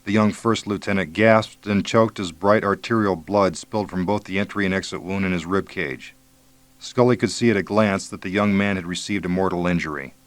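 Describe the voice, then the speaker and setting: Low-voiced male audiobook narrator. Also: brisk, dry recording.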